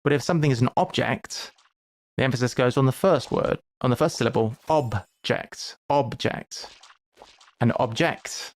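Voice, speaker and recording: A game streamer gives quick, chatty live commentary while he plays, thinking aloud and tossing in playful asides and mock lectures. His voice is medium-pitched, with no room sound.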